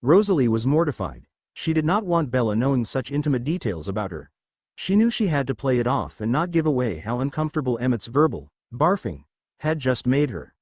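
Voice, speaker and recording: A man narrates a story as an audiobook, with expressive storytelling. His pitch moves freely up and down. The sound is close and dry. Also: fairly quick, dry recording. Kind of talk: audiobook narration of fan fiction.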